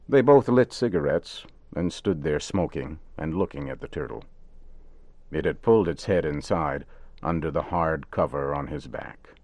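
A man narrating a radio story in measured, simple wording. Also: a bass voice, animated, a little mellow, no room sound.

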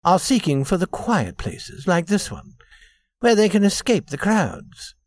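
A man voicing a polished young gentleman traveller, soft-spoken and courteous, in a story reading. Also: high voice, very animated, a little slow, no echo, pitched above the performer's own voice.

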